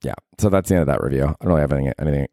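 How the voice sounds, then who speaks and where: A man with a very low voice rambles through a casual solo podcast, cursing freely. The sound is close and dry, with no room around it. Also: lively intonation, racing, creaky, mellow, dry recording. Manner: rambling, profane, chatty. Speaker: podcast host. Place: his apartment at night.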